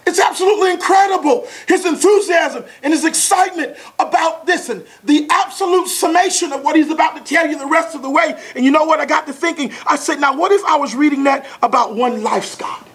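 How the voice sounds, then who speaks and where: A man giving a motivational lecture as a sales trainer, talking fast with a passionate, preacher-like delivery. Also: extremely high pitch, a bit bright. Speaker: sales trainer speaking at an academy.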